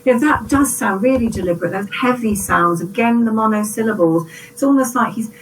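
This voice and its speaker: A woman's voice: on the high side, fairly quick, far from the mic, a little hiss or hum, low-quality recording. A woman talking through a poem in a thoughtful, reflective way, often ending with tag questions. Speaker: teacher. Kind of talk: poetry analysis discussion.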